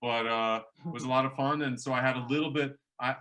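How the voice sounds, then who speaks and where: A male professor chats loosely through an online workshop, restarting his sentences often. His voice is bright and forceful at an ordinary pitch, heard over a video call. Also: fairly even intonation, fast talker. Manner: chatty, many restarts and fillers. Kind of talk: casual workshop talk.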